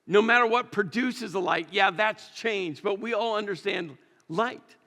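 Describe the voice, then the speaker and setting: A man's voice: high-pitched, bright, forceful tone, long reverb tail. A man preaching a sermon in a conversational, storytelling way, with emphatic repetitions. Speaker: pastor. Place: church sanctuary.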